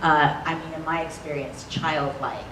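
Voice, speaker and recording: An animated, bubbly woman talks on a convention panel and laughs often. Her voice carries across a large, echoey hall, picked up from a distance with faint room noise underneath. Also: deep voice, moderate pace. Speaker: voice actress, panel guest.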